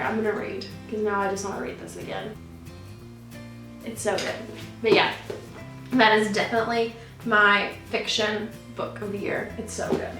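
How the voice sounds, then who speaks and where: A woman's voice: on the high side, a bit bright. A young woman vlogging in a casual, gushing, rambling way, often correcting herself. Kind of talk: casual chat. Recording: roomy echo, mic at a distance, faint music.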